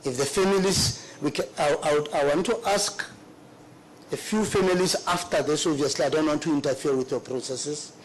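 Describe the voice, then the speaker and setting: A middle-aged man giving formal testimony at a hearing, earnest and remorseful, halting and repeating himself. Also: fairly high pitch, slight background noise, poor audio. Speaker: witness at a public hearing.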